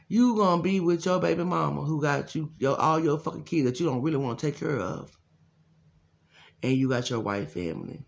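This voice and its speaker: A man talking as a life coach in a blunt, profane, casual rant, telling stories with loud quoted voices. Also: mid-range voice, creaky, muffled recording.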